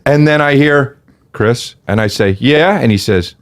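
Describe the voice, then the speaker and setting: A man's voice: medium pitch, unhurried. A man telling a comedic story in casual chat, swearing and voicing the people in it. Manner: animated, voices characters in his story, swears freely. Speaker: comedian guest.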